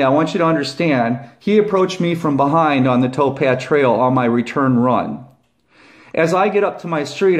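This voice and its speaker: A middle-aged former police officer with a fairly high voice tells a long, rambling story to the camera in a casual monologue. He keeps repeating "okay?" and "I said," and gets louder whenever he acts out his own past shouting.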